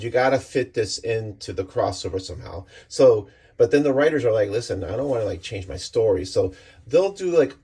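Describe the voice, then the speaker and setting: A man casually walking through a comic issue page by page, talking in a relaxed, rambling way with many fillers. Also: on the low side, husky. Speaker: comic book reviewer.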